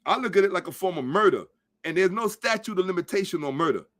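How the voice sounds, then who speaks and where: A man's voice: high-pitched, expressive, fast talker, a bit bright. A man hosting a podcast, giving a blunt, profane, emphatic commentary monologue and lecturing his listeners. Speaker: podcast host. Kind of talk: ranting social commentary monologue.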